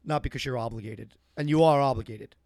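A man's voice: mid-range voice, quick pace, a little mellow, no echo, clean studio sound. A man co-hosting a podcast in casual chat, laid-back and making wisecracks. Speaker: podcast co-host.

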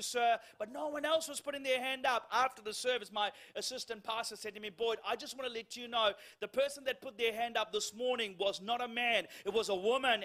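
A middle-aged man preaching a sermon, telling humorous stories about himself in a lively, animated way. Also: very high-pitched. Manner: animated storytelling with self-deprecating humor. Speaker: guest preacher.

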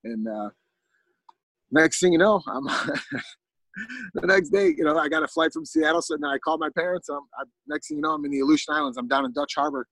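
A man's voice: a little high, very animated, a little fast, gravelly, long pauses, fairly bright tone, no echo, rough recording. A man casually telling a long story as a podcast guest, rambling with lots of fillers and restarts.

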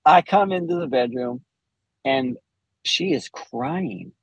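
A man's voice: a little high, lively intonation, slow pace, breathy edge, no room sound, muffled recording. A man in his forties, a podcast guest, candidly telling a personal story with frequent laughs and restarts.

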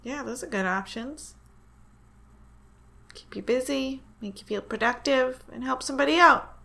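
A woman's voice: high voice, moderate pace, creaky, sharp tone. A woman co-hosting a podcast, chatting casually in a dry, easygoing manner. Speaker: podcast co-host. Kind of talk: casual chat.

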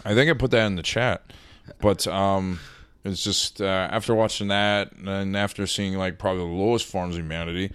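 A young man chatting casually, telling profane stories and acting out quotes loudly. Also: sits low, fairly even intonation, moderate pace, smooth, dry recording. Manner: profane storytelling with loud acted quotes. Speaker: podcast guest, rickshaw driver. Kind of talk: casual chat.

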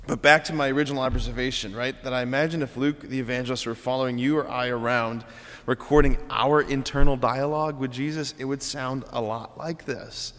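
Priest guy preaching a homily, chatty, keeps saying "right?", fairly high voice, church echo rings long. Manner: conversational, animated, often adds "right?" and "like". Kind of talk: sermon.

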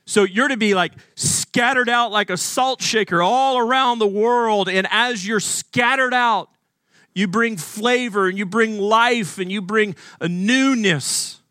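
High-voiced man from Arkansas preaching. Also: a little slow, sharp tone, dry recording, clean studio sound. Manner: earnest, emphatic preaching with rhetorical questions. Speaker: pastor. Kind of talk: sermon.

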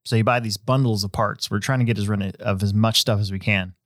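A low-pitched man hosting a relaxed podcast chat, rambling along with fillers and restarts. His voice sits dry and close on the mic, with no room around it. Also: fairly quick, dry recording. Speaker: host; hobby shop owner.

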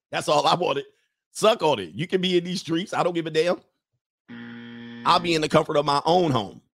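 A man's voice: a little high, normal speed, gravelly, long pauses, no echo, studio quality. A man, a coach hosting a podcast livestream, talking in a blunt, crude and preachy way while he reads chat comments.

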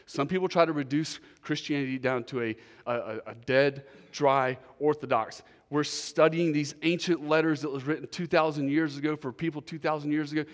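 Emphatic preaching man in a reverberant hall. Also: fairly high pitch. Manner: emphatic preaching, repeats key phrases, swings between loud stresses and quiet asides. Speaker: pastor. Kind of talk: sermon. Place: church.

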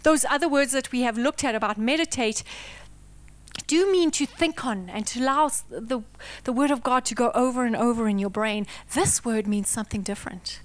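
A woman preaching with a high, smooth voice. She delivers her sermon dramatically, swinging between hushed, intense whispers and loud, emphatic declarations. The sound is close and dry. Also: moderate pace, dry recording.

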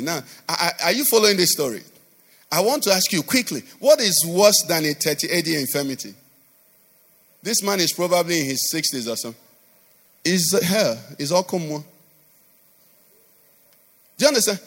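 Animated high-voiced preacher man, echoey hall. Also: unhurried, pauses often. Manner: preaching with call-and-response questions; sing-song emphatic delivery. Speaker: pastor. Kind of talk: sermon. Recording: reverberant church hall.

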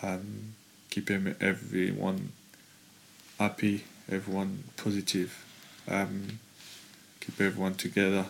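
A man's voice: low-pitched, takes it slowly, gravelly, slight background noise. A man, a former footballer, guest on a podcast, telling long rambling anecdotes with lots of fillers. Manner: rambling, filler-heavy, animated storytelling.

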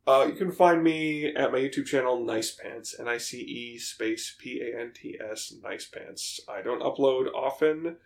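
A man's voice: medium pitch, a little slow, hardly any pauses. A man co-hosting a casual game podcast, joking and laughing often. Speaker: podcast co-host.

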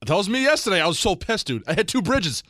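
A young man, co-hosting a podcast and telling stories in a lively way, acting out what he said. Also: high voice, fast talker, dry recording, clean studio sound. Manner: animated storytelling, acts out his own quotes. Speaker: podcast co-host. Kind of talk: casual chat.

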